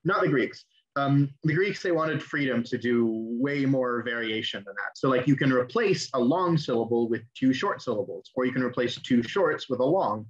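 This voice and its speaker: A man's voice: mid-range voice, lively intonation, moderate pace. A young man teaching an online class, explaining in a casual way with fillers and restarts. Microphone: video call. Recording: dull lo-fi audio.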